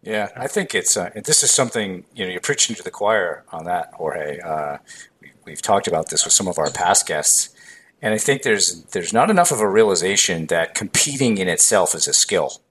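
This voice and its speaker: A man hosting a podcast interview, agreeing with his guest and adding his thoughts in a measured way. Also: deep voice, expressive, a bit bright, husky. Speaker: podcast host.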